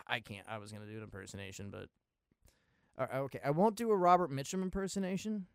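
Man, podcast host, rambling film talk, swears a lot, smooth clear voice, dry close sound. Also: a little high, no echo. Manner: rambling, profane, full of restarts and asides; excitable, with sudden loud bursts. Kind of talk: casual film review monologue.

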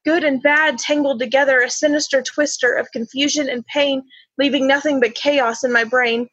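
A woman performing a spoken word poem in a slow, measured, halting delivery. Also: high voice, steady tone, fairly bright tone, no room sound. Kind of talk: spoken word poetry reading. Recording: dull, slightly lo-fi sound.

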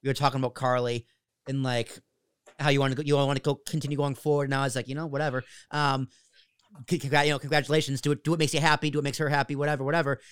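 A man hosting a podcast, bantering casually with his guest, lively and freely swearing. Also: mid-range voice, very fast, smooth, no room sound. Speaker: podcast host. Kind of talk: casual chat.

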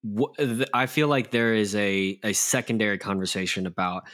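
A man's voice: fairly low pitch, fairly even intonation, normal speed, a bit bright. A man co-hosting a podcast, talking in a reflective, casual way with playful asides. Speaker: podcast co-host.

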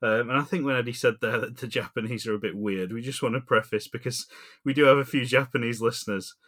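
Male podcast co-host, casual rambling chat, animated, mid-pitched voice. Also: fast talker. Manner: rambling, animated, laughs often.

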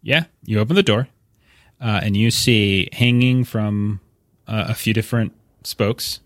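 A man narrating scenes as game master, describing them at length with frequent halting restarts. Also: on the low side, no room sound.

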